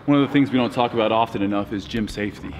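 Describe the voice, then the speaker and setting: A man's voice: lowish voice, very fast, highs cut off. A man filming a casual, jokey fitness vlog inside a gym. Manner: jokey and playful. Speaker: fitness vlogger. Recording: long gym reverb, faint noise.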